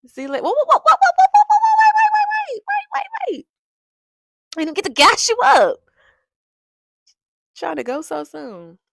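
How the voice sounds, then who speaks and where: A woman's voice: lowish voice, creaky, no room sound, studio quality. A young adult woman hosting her own podcast, talking in a chatty, playful way and laughing often. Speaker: podcast host. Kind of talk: casual chat.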